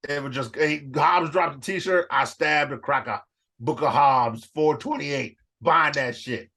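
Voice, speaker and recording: Man, husky voice, fairly high, loud profane jokes, casual podcast banter. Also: measured pace. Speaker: podcast co-host. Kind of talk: casual comedy chat.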